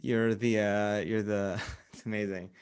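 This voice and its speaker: A man's voice: fairly low pitch, flat delivery, a little slow, a little mellow, smooth. A man hosting a casual interview over a video call, teasing his guest and laughing easily. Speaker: interview host.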